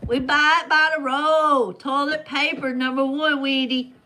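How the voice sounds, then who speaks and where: A woman's voice: sits high, fairly even intonation, a little slow, pushed and bright. A woman hosting a casual trivia game with friends. She reads out questions and answers in a playful, teasing way. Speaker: game host.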